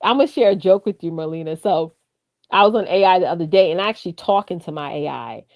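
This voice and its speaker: Woman hosting a live stream, super animated, voice jumps all over, laughs a lot, keeps talking to the chat. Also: on the low side, fast talker. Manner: animated, chatty, addresses the chat directly, laughs often; drifts off track, repeats key points for emphasis. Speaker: live-stream co-host on branding and AI. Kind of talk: casual live-stream coaching talk.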